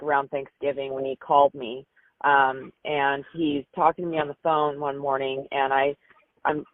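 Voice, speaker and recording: A grieving mother telling stories about her son in a halting, emotional way, often repeating herself. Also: low voice, no room sound. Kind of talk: phone interview storytelling. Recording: tinny phone line, dry.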